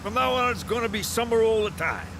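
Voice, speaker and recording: A man's voice: high-pitched, animated, fast, vocal fry, noisy background. A man voicing a blunt, slangy mobster sidekick in an adult cartoon. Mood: gruff.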